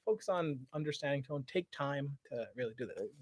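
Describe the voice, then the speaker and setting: A man hosting a casual livestream Q&A outdoors, talking in a slangy, animated way that trails off at the ends of phrases. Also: medium pitch, fairly quick, no room sound, clean studio sound. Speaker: host. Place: outdoors by parked cars.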